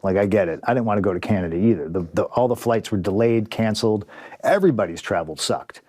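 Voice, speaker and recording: A man's voice: lowish voice, animated, quick pace, darkish tone, no room sound. A man in a candid interview, recounting events in a rambling, profane way, often restarting and quoting others. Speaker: interview guest, wrestler.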